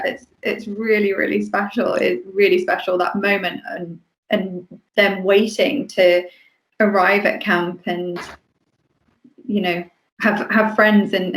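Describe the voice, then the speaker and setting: A woman on a podcast, chatting casually and laughing easily. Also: medium pitch. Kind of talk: casual chat. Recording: echoey room.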